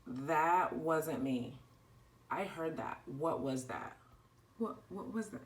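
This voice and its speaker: A woman voicing a playful mini movie about girls at a camp, switching between excited girls and a low teasing brother. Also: slow pace, far from the mic. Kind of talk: playful doll-play mini movie, several voices.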